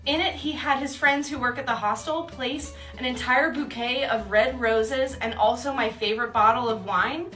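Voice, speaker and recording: Chatty young woman with a bright voice. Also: fairly high pitch, steady tone, normal speed, few pauses, reverberant. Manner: chatty, laughs often, lots of "like", acts out her own thoughts. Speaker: storyteller. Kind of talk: casual personal storytelling. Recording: distant mic with faint music.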